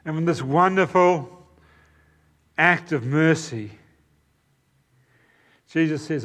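Pastor guy preaching, earnest and emphatic, kinda high voice. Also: slow pace, a bit bright. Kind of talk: sermon.

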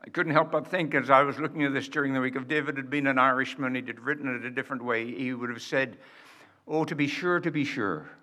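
A man preaching a sermon in a slow, emphatic way, with dramatic pauses and rhetorical questions to the congregation. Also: medium pitch, flat delivery, bright, forceful tone.

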